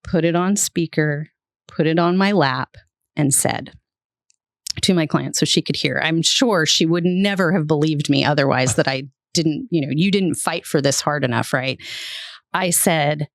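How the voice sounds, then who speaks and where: A woman's voice: low voice, moderate pace, no room sound, studio quality. A middle-aged woman, a public relations executive, vividly telling a story as a podcast guest.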